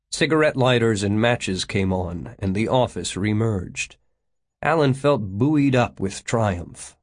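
Male audiobook narrator, lowish voice, steady storytelling. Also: slow pace. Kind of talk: scripted narration.

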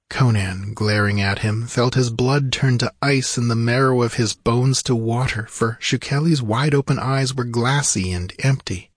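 A man giving a steady, measured scripted narration of a fantasy story. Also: fairly low pitch, breathy edge, no echo, clean studio sound.

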